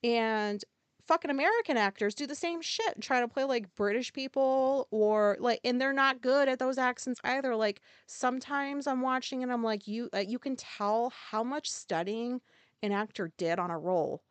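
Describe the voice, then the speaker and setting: A woman's voice: a little high, moderate pace, clean tone, dry recording. A woman hosting a solo podcast monologue, rambling casually with lots of filler words and blunt, profane asides. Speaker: podcast host.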